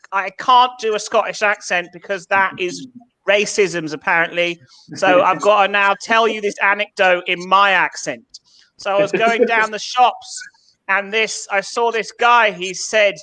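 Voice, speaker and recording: Male stand-up comic, bright voice, self-mocking storytelling. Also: high-pitched. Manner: self-deprecating anecdotes with acted quotes. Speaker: stand-up comedian. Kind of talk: stand-up comedy.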